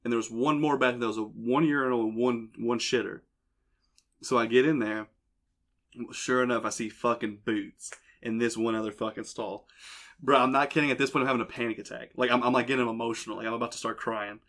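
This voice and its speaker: A man's voice: medium pitch, fairly even intonation, a little fast, a bit bright. A young man hosting a podcast, telling a crude, rambling story in casual chat. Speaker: podcast host. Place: basement.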